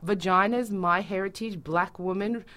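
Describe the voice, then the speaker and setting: A woman talking as a theatre-maker guest in a radio studio, animated and acting out quoted voices. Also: mid-range voice, moderate pace. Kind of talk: casual interview chat.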